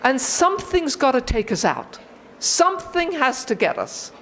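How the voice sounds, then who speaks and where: A woman in her sixties telling a personal story at a recovery meeting, animated and acting out her own thoughts. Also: high voice, unhurried, a little hiss or hum. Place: meeting hall.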